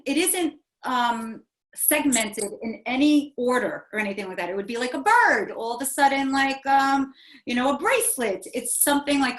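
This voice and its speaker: A woman in her forties with a fairly high voice tells a personal story as an interview guest. She talks earnestly and rambles, with fillers and restarts, in an echoey room.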